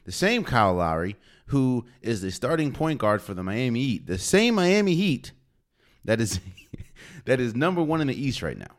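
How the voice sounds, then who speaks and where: A man's voice: mid-range voice, very animated, moderate pace. A man hosting a solo sports podcast, talking casually and opinionated, with slang and rhetorical questions. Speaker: podcast host.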